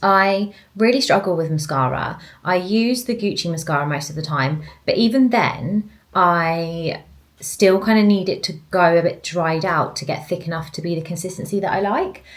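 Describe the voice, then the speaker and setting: A woman's voice: on the low side, moderate pace. A young woman in a casual vlog, chatting to her handheld camera at home, rambling with lots of fillers. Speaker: vlogger.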